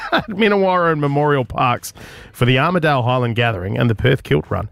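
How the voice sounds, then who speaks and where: A man hosting a radio show, chatting casually, lively and jokey and laughing often. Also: mid-range voice, quick pace, vocal fry, no echo. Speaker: radio host.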